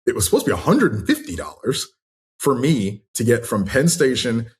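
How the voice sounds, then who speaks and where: A man cohosting a sports podcast, talking in an animated, exasperated, rambling way. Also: medium pitch, a little fast. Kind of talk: casual podcast chat.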